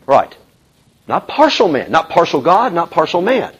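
A man teaching a Bible class in an emphatic, animated way, with frequent ums and uhs. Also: fairly high pitch, moderate pace, breathy edge. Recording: dull lo-fi recording.

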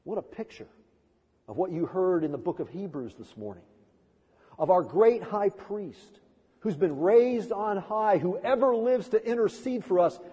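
A man's voice: high-pitched, expressive, a little slow, warm tone, breathy edge. A middle-aged male pastor preaching a sermon in a church, earnest with storytelling asides. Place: church sanctuary. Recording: long church reverb.

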